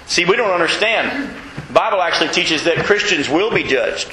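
Animated preacher with a bright, echoey voice. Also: male voice, a little high, normal speed, slight background noise. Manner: animated preaching, asks the congregation questions. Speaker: pastor. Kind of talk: sermon. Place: church.

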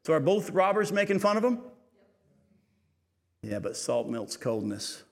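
A man preaching a sermon. He reads scripture aloud, comments on it, and swings between raised and hushed delivery. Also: on the high side, very animated, unhurried, gravelly. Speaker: pastor. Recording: reverberant hall.

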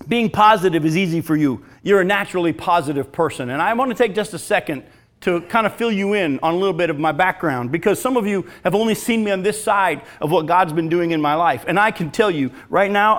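A middle-aged male preacher delivering a sermon in a fairly high-pitched voice. He speaks earnestly and with emphasis, pressing each point home as he reads from a devotional text. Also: a bit bright.

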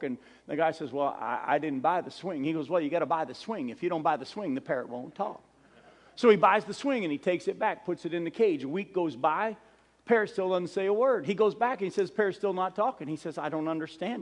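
A pastor with a somewhat high voice delivers a sermon, telling a joke with animated voices for each character. His words ring out with a long reverb through the church hall. He then shifts to an earnest, humble prayer. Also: fairly quick.

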